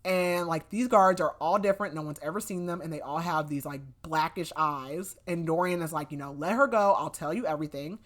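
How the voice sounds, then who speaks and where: A young adult woman on a podcast rattles through a casual book recap in a low voice, brisk with hardly any pauses and fairly even intonation. She's chatty, uses lots of "like" fillers, and loosely acts out quotes.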